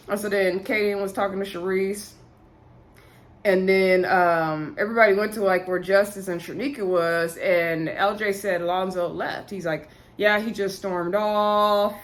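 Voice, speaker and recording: A young woman casually recapping a reality show, acting out the cast's lines and filling her talk with "like" and "um". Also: medium pitch. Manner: chatty, frequent "like" and "um".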